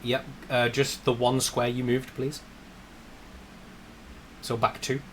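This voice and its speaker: A man narrating and running a tabletop game as game master, briskly giving rules and describing the scene. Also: medium pitch, level tone, a little hiss or hum.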